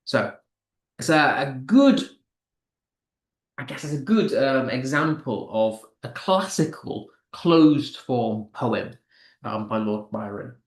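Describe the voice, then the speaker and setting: A man's voice: medium pitch, animated, slow, roomy sound. A man teaching an online class, reading chat answers aloud and explaining step by step with frequent fillers.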